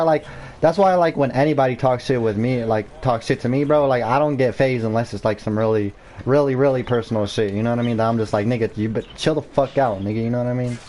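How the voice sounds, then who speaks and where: A man's voice: medium pitch, slight background noise. A young man chatting casually and profanely while playing a game. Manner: slangy, profane, relaxed commentary. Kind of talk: casual chat while gaming.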